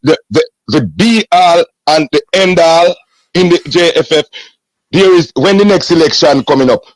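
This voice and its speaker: A man with a Jamaican accent in a heated casual sports debate as a podcast co-host, holding the floor forcefully. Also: on the high side, normal speed, no room sound, low-quality recording.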